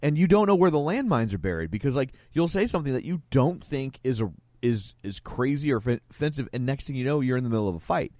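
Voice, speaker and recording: A man talking casually about a film, halting and earnest, often restarting his sentences. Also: medium pitch, expressive, darkish tone, no echo.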